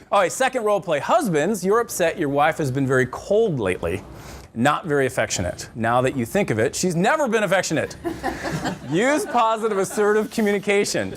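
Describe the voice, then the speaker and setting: A middle-aged male counselor with a fairly high voice lectures a live group in a church classroom during a marriage class. He's animated and joking, his pitch swinging widely as he acts out quotes in little voices, with a faint hiss in the background.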